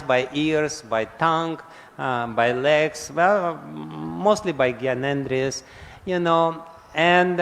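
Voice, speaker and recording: Man lecturing in a reverberant hall. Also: sits high. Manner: asks audience questions and answers them, chuckles often. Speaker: spiritual lecturer. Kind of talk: scripture lecture. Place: large temple hall.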